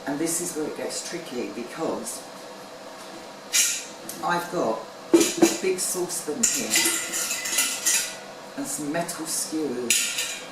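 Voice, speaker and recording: Home cooking demo, chatty, self-deprecating, slow-paced, echoey kitchen. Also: medium pitch, very noisy. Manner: chatty and self-deprecating, thinking aloud with ums. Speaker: home baking presenter. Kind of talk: casual cooking demonstration. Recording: roomy kitchen, mic at a distance.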